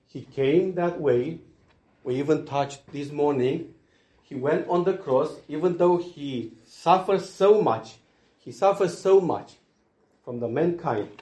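An earnest man delivers a sermon, his voice sitting a little high. He swings between loud, emphatic lines and soft, hushed asides. The sound carries the echo of a roomy space. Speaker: preacher. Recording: echoey room.

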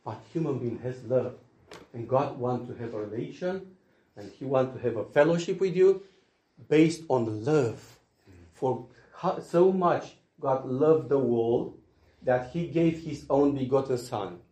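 A man preaching a sermon earnestly, swinging between loud emphasis and hushed asides. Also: medium pitch, a little slow. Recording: echoey room.

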